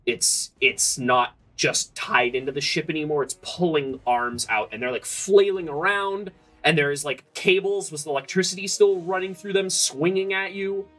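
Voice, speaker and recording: Husky-voiced woman game master, rambling. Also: sits low, normal speed, few pauses, a bit bright. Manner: rambling, filler-heavy narration with frequent ums and restarts. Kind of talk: narrating a tabletop game.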